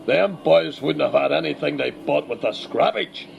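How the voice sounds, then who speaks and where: Gruff old northern irish preacher guy, super gravelly, crude and blunt. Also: fairly high pitch, expressive, normal speed, lo-fi sound, a little hiss or hum. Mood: brusque. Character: blustering older male Northern Irish loyalist preacher. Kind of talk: comedy sketch impression.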